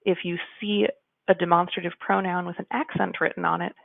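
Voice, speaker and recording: A woman teaching a Spanish grammar lesson in a chatty way, slowing down to model example sentences. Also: lowish voice, flat delivery, vocal fry, no room sound. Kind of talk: explanatory lesson. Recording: dry, phone-like narrow sound.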